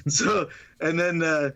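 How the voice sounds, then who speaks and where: A man's voice: on the high side, fairly even intonation, slow pace, fairly bright tone, highs cut off. A man casually retelling a funny movie scene on a podcast, laughing often and acting out the characters' lines. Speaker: podcast co-host.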